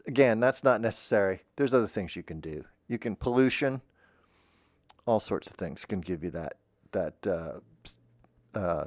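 A man's voice: lowish voice, no echo, studio quality. A man in a mock-earnest improvised comedy monologue, playing a voice-acting teacher who rambles and keeps interrupting himself.

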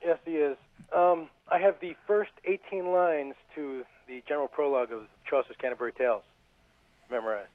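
A man's voice: fairly high pitch, moderate pace, dry recording. A young man, a student, calling in to a radio show and explaining in a chatty, earnest way. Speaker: caller, student. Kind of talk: call-in radio chat. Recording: tinny phone line, dry.

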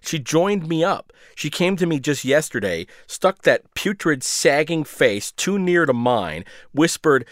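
A man's voice: a little high, big pitch swings, unhurried, hardly any pauses, no room sound, studio quality. Sardonic man narrating a first-person story. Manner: sardonic, biting.

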